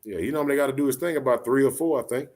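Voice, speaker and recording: A man hosting a live late-night talk show, chatting casually with a soft-spoken, laid-back, joking manner over a phone line. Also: medium pitch, racing. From Orange, Texas. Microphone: phone call into live audio show.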